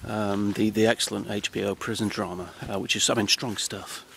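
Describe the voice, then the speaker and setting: A man speaking outdoors on a countryside path in a hesitant, halting, dry deadpan ramble full of ums and restarts. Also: on the low side, creaky, a little hiss or hum, rough recording. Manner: dry, self-deprecating. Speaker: comedy vlogger.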